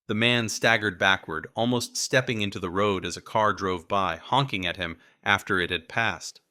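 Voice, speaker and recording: A man narrating an audiobook in a measured, steady first-person read. His voice is very low yet bright and forceful. The sound is dry and close, from a studio booth. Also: dry recording.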